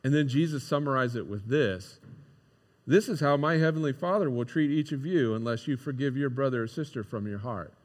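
A male pastor delivering a casual, animated sermon and acting out the voices in a parable. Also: mid-range voice, fairly quick. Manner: conversational, animated, acts out quoted voices. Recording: long hall reverb.

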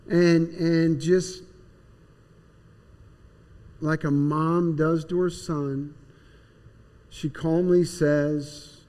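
A man's voice: fairly high pitch, level tone, drawn-out words, long pauses, warm tone. A man plainly and earnestly telling his personal testimony. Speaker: speaker giving personal testimony. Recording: long hall reverb.

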